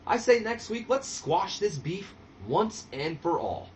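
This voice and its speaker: A man's voice: sits high, big pitch swings, a little slow, a little hiss or hum, pitched above the performer's own voice. A man voicing a brash young male wrestler who challenges his rivals, speaking in a cocky, showy way. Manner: cocky and showy, talking trash.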